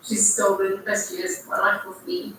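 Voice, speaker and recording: Bright woman in echoey distant audio. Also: mid-range voice, sing-song, normal speed, a little hiss or hum. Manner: dramatic storyteller acting out quoted lines. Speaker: interviewee recounting her story. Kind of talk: documentary testimony.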